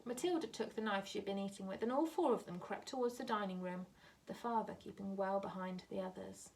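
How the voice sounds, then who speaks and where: A woman teacher reading a novel aloud to her class in a steady, measured way. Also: mid-range voice, gravelly, far from the mic.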